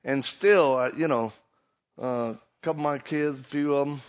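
A middle-aged man from Louisiana with a Cajun accent, preaching in a folksy storytelling way with halting restarts. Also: mid-range voice. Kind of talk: sermon with humor.

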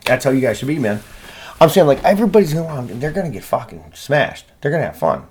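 A man's voice: mid-range voice, very animated, fast talker, darkish tone, a little hiss or hum. A man hosting a solo podcast, rambling and swearing in a self-deprecating, casual way. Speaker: podcast host.

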